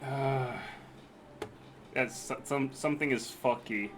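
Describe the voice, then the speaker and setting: A man's voice: medium pitch, moderate pace. A man chats loosely on his live stream, cracking jokes, swearing and laughing as he fumbles with his setup. His voice sits in an ordinary middle register. A faint hum of noise sits behind him. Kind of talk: casual chat while gaming on stream.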